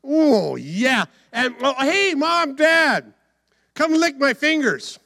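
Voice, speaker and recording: A man's voice: high voice, sing-song, a little slow, vocal fry, pushed and bright, full character voice. A preacher doing a giddy, lip-smacking young strongman. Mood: gushing.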